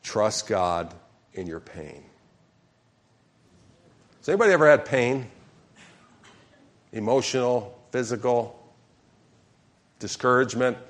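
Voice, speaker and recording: A man's voice: medium pitch, animated, takes it slowly, long pauses. A man preaching a sermon as pastor, calling questions out to the congregation and acting out sample prayers.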